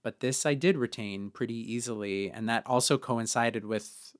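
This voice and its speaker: A man co-hosting a podcast, telling a personal story in a chatty way with many fillers. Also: moderate pace. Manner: chatty, many fillers, acts out quotes in higher voices. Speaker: podcast co-host.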